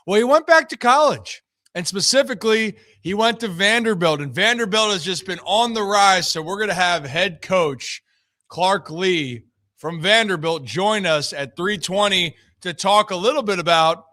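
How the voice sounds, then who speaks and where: A man's voice: on the high side, pushed and bright, no echo, clean studio sound. A man hosting a live sports talk show, opening in an upbeat, conversational way and talking straight to the viewers.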